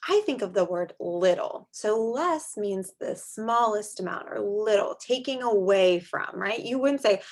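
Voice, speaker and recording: A young adult woman teaching a small group of young children in a slow, sing-song manner with drawn-out words. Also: mid-range voice, animated. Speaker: preschool teacher.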